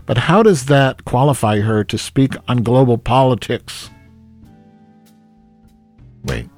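A man streaming live, rambling and swearing as he reacts to his viewers, jumping between loud outbursts and low mutters. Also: takes it slowly, faint music behind. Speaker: livestreamer reading chat.

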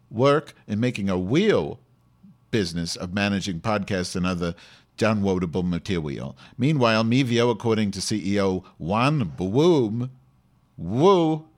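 A man playing a brash, short-tempered woman podcast host who rants sarcastically and swears at the listeners. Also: deep voice. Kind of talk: comedic podcast monologue.

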